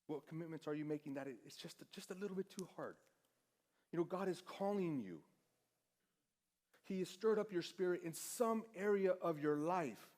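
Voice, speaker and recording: A man gives a sermon as a relaxed, self-deprecating story, slipping into the voices of the people in it. His voice sits a little high for a man, and his delivery is loose and conversational. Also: moderate pace. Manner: casual, self-deprecating, acts out dialogue. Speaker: pastor.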